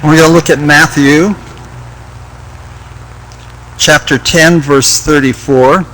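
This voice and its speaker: A man's voice: a little high, fairly even intonation, slow, bright, forceful tone, rough recording. A man leading an informal Bible study, reading scripture aloud and asking rhetorical questions in a conversational way.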